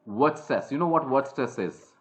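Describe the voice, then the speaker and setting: In poor audio, a soft skills trainer with an Indian English accent coaches a trainee one-on-one, lecturing with many fillers and restarts. His mid-range voice is animated and moderately paced.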